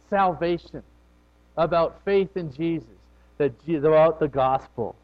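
Man preaching a sermon, lo-fi recording. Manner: conversational preaching with swings in loudness and pitch. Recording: dull lo-fi recording.

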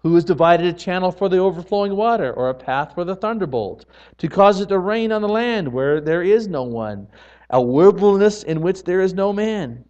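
A man preaching a sermon earnestly, building from quiet moments to loud emphatic passages. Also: high-pitched, lively intonation, normal speed, lo-fi sound. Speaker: pastor.

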